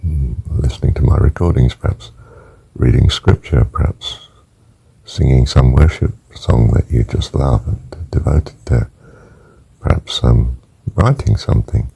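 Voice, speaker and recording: An older man teaching a guided breathing meditation, counting breaths gently and softly, sometimes near a whisper. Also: very deep voice, unhurried, poor audio. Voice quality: gravelly, husky voice. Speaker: spiritual teacher.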